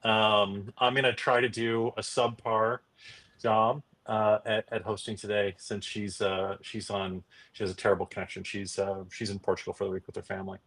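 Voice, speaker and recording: A man's voice: lowish voice, little pitch movement, normal speed, a bit bright. A middle-aged man hosting a casual live stream, talking loosely with many fillers and restarts. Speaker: host.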